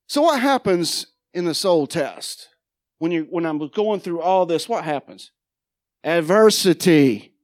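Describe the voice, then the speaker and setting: A man's voice: a little high, darkish tone. A man preaching a sermon about his own testimony, emphatic, repeating phrases and asking the congregation questions. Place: church sanctuary.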